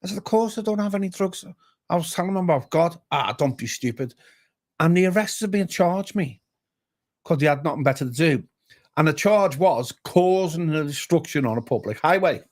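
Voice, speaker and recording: Scouse guy spinning a yarn, slightly high voice, does all the voices himself. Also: a little fast. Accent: Liverpool. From Liverpool area, England. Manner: animated, acts out each voice in his stories. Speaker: guest, pastor. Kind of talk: casual storytelling. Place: pub bar.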